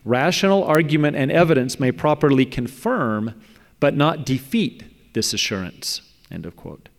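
A man reading a prepared talk in a measured, thoughtful way, often trailing off at the ends of phrases. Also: mid-range voice, big pitch swings, vocal fry. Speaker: speaker presenting a paper. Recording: long hall reverb.

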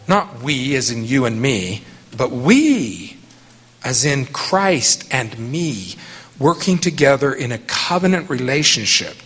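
A middle-aged man speaking slowly and emphatically, leaning on single words as he answers questions after a talk. His voice has a husky edge. The sound carries a long hall reverb. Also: mid-range voice, fairly bright tone. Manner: earnest and emphatic, slow deliberate phrasing.

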